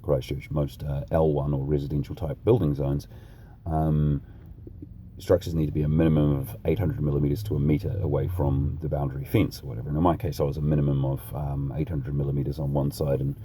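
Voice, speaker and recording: A man with a New Zealand accent and an extremely low voice talks quickly and bluntly, with plenty of swearing and easygoing slang. His tone is dark and mellow, with a faint hum of background noise. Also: flat delivery. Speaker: vlogger. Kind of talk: casual ranting vlog.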